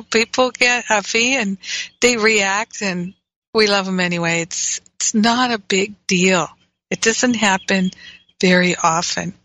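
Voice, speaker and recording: A woman's voice: mid-range voice, sharp tone, no echo. A middle-aged woman, a spiritual teacher and host, telling a personal story in an earnest, frank and reflective way. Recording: dry, slightly dull sound.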